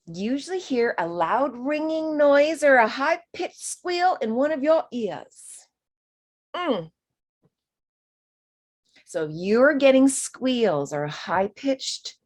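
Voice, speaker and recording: A woman teaching a spiritual course in a chatty, expressive way, acting out quoted voices and sometimes dropping to a whisper. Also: mid-range voice, husky.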